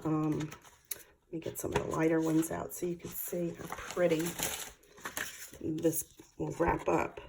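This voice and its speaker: Middle-aged woman, casual crafter demo; chatty and gushing, fairly low voice. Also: vocal fry, mellow, a little hiss or hum, low-quality recording. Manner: chatty, gushing, thinks aloud while handling supplies. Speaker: craft product demonstrator. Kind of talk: casual product show-and-tell.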